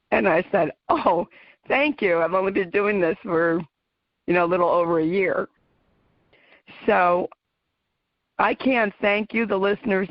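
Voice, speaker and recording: A middle-aged American woman talks to her radio listeners, heartfelt and quick to laugh. She speaks slowly and takes her time. The recording is muffled and dry, with no room sound. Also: mid-range voice, dry recording. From United States. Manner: heartfelt, emotional, laughs often. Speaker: radio show host. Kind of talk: personal talk to listeners.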